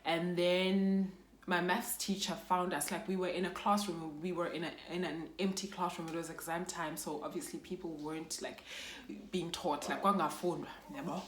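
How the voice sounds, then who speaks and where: A woman's voice: lowish voice, steady tone, moderate pace, reverberant. A young woman from South Africa with a South African accent tells an emotional personal story for her vlog, slipping Xhosa phrases into her English. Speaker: YouTuber.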